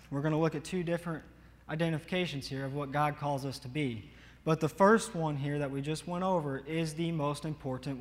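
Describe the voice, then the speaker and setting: Earnest preacher in an echoing church. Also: male voice, a little high. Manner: earnest, emphatic, urging the congregation. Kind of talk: sermon.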